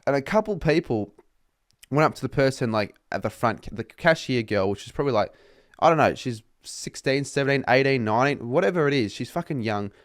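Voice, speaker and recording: A man's voice: mid-range voice, lively intonation, a little fast, no echo, studio quality. Sweary young Australian man ranting. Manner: sweary, exasperated, mocking customers in put-on voices. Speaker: vlogger. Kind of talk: casual rant to camera.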